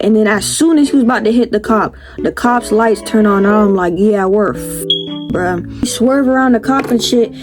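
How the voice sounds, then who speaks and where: A young adult woman telling a storytime vlog story, animated, exclaiming and swearing freely. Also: mid-range voice. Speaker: vlogger. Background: background music.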